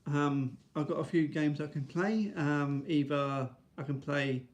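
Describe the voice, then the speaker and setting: A man's voice: steady tone, unhurried. A man rambling to camera in a casual vlog, restarting often and tagging lines with "right?". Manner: high sing-song baby talk to his dog. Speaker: vlogger.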